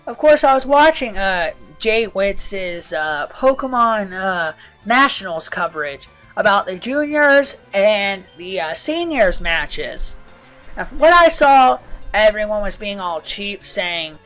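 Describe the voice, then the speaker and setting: A woman's voice: medium pitch, sing-song, unhurried, a bit bright, faint music behind. A woman from the Southern United States giving casual, rambling commentary over a video game playthrough, drifting off on tangents. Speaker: let's player.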